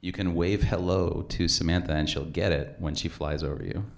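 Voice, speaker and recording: Man, very deep and gravelly, measured event emcee. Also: fairly even intonation. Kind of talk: introducing teams.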